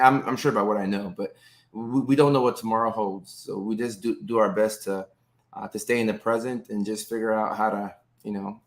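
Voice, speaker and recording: A man in his thirties chats on a live stream with a fairly low-pitched voice. He is upbeat and greets viewers by name, talking loosely with plenty of "uh"s. He is recorded up close on a phone or webcam indoors. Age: 30s.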